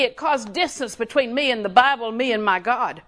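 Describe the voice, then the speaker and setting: A woman's voice: fairly high pitch, moderate pace, a bit bright. A middle-aged woman, preaching a sermon in a folksy, storytelling way with lots of repetition.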